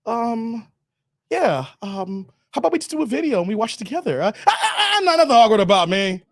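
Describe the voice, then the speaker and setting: A man's voice: very high-pitched, sing-song, fast, creaky, no echo, studio quality, exaggerated voice. A man putting on a socially awkward streamer who hesitates and fills his talk with ums and uhs. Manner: hesitant, mumbling with many fillers. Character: nervous, socially awkward young male streamer.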